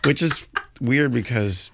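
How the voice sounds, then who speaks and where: A man's voice: medium pitch, slow, background noise. A man speaking as a radio interview guest in a casual, wry, self-deprecating way. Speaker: radio guest, prankster activist.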